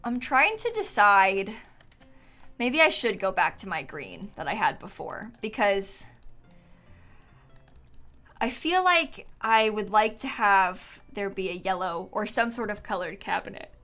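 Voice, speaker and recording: A woman's voice: mid-range voice, big pitch swings, measured pace, pushed and bright, faint music behind. A woman streamer chatting casually while she builds in a game, thinking aloud with lots of fillers and frequent giggles, and yawning now and then. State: yawning, tired.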